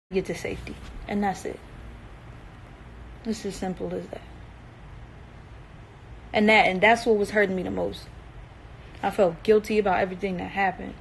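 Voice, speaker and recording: A woman's voice: medium pitch, a little hiss or hum, rough recording. A young woman in a distressed, emotional livestream monologue, earnest and emphatic, repeating herself and swearing.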